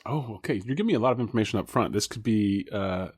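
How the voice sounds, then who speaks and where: A man's voice: lowish voice, lively intonation, fast talker, darkish tone, slightly rough. A man co-hosting a casual podcast chat, laughing often and rambling with lots of fillers. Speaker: podcast co-host.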